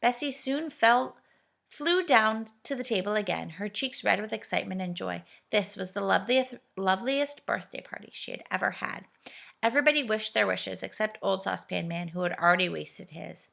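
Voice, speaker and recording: A woman reading a children's storybook aloud in a gentle, steady manner. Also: mid-range voice, normal speed, creaky. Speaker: reader.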